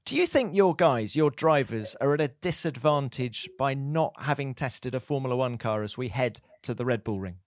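A man co-hosting a sports podcast, upbeat and expressive, also reading an ad. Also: medium pitch, moderate pace, hardly any pauses, dry recording. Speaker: podcast co-host.

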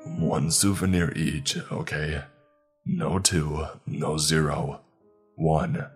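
A man's voice: a bass voice, steady tone, takes it slowly, slightly rough, soft background music, exaggerated voice. A man voicing a stern, worried bunker guide who speaks clipped, broken English. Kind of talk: horror story narration.

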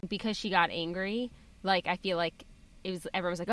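A woman's voice: lowish voice, quick pace, fairly bright tone. A woman co-hosting a casual book club podcast, frank and outspoken. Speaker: podcast co-host.

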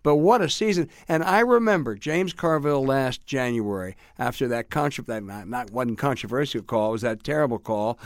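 A man's voice: mid-range voice, normal speed, few pauses, no room sound, clean studio sound. A man co-hosting a casual podcast chat, telling sports stories in an easygoing way. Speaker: co-host, journalist.

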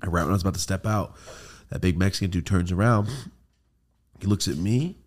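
Man, low voice, podcast host, casual storytelling, profane, rambling. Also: a little fast. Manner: rambling, profane, animated when telling a story.

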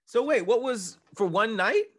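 A man's voice: very high-pitched, animated, measured pace. A man co-hosting a podcast, cutting in with short questions during casual chat. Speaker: podcast co-host.

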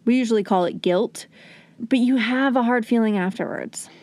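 A young adult woman teaching parents how to calm toddlers, earnest and coaching, softly acting out what to say to a child. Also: a little high, moderate pace, dry recording. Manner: earnest, coaching, acts out gentle lines to a child. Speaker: parenting educator. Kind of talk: instructional talk to parents.

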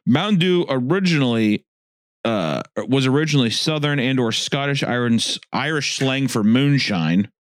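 A man co-hosting a casual podcast, animated as he reads out trivia. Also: mid-range voice, normal speed, no echo, studio quality. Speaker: podcast co-host.

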